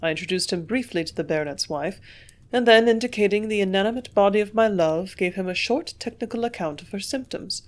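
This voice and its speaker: Woman audiobook narrator, measured and clear, mid-pitched. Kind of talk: audiobook reading.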